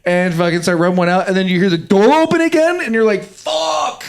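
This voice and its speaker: A man's voice: high voice, big pitch swings, clear, resonant tone. A man, a guest comedian, trading crude jokes and acting out little scenes in casual podcast banter. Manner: crude, jokey, acts out lines in quick bits.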